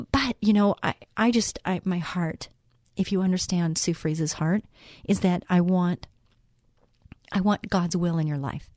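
A middle-aged woman host with a warm, mellow voice gives an earnest faith-based radio talk. She speaks straight to her listeners and asks them pointed questions. Her voice is close and dry, with little room sound. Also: fairly low pitch, a little slow, no echo.

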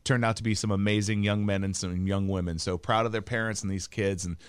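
A man's voice: fairly low pitch, steady tone, a little fast, clear, resonant tone, dry recording. A man hosting a morning radio call-in show, upbeat and laughing often as he banters with callers in the studio. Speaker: radio host. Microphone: studio microphone.

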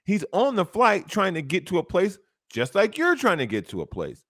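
Blunt sports radio co-host. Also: male voice, sits high, wildly swooping pitch, moderate pace, fairly bright tone, dry recording, studio quality. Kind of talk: casual sports talk.

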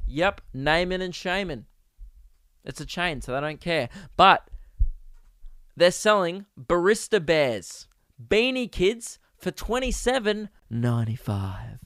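A man's voice: a little high, animated, measured pace, fairly bright tone, clean tone, no room sound. A young Australian man hosting a podcast, telling a story as a sarcastic, exasperated comedic rant. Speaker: podcast host.

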